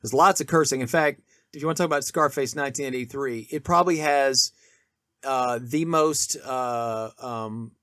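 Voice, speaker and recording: A man's voice: medium pitch, normal speed, fairly bright tone, no room sound. Male podcast co-host, rambling casual film talk, dry close mic. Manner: rambling, many restarts and fillers.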